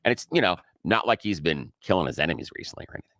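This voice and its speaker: A man co-hosting a talk radio show, chatty and quick with agreeing interjections. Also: low voice, very animated, sharp tone, no echo, clean studio sound. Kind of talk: casual talk radio banter. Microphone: studio microphone.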